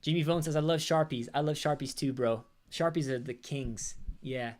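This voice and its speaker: Over a livestream, a young rock frontman goes through his lyrics and responds to comments in a thoughtful, slightly wandering way, occasionally singing snippets. His voice is on the high side and darkish, steady in tone, and moderately paced.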